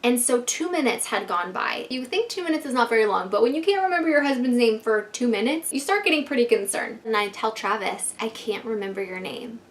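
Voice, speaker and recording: A woman's voice: on the high side, lively intonation, a little fast, few pauses. A woman in her thirties telling a storytime vlog to her viewers in a casual, swearing way, filling her talk with "like". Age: 30s. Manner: casual, fills every phrase with "like" and swears freely. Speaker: vlogger.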